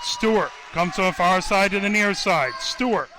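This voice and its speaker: A man calling a basketball game play-by-play for radio, naming each pass in a rapid running call and getting louder at scores. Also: sits high, a crowd in the background, background noise.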